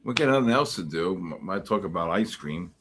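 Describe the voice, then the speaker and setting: Animated middle-aged man chatting. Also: low-pitched, fairly quick, breathy edge. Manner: animated, exasperated, joking. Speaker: livestream host. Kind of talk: casual chat reading live comments.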